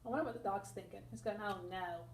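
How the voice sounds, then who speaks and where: A woman teacher reading a picture book aloud to children, expressive and asking them questions. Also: mid-range voice. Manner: expressive, asks listeners questions, sound effects. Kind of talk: children's read-aloud lesson. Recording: echoey room with faint noise.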